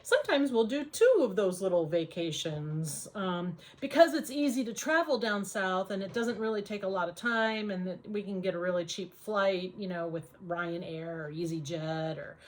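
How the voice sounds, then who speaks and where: An American woman talks through her advice in a relaxed vlog. Her voice sits at an ordinary middle pitch. She chats easily and fills pauses with plenty of ums and uhs. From United States. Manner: chatty, many ums and uhs. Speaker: vlogger.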